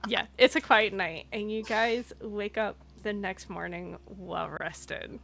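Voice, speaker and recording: A woman narrating as game master, setting scenes slowly and patiently for her players. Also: mid-range voice, steady tone, vocal fry, sharp tone, a little hiss or hum.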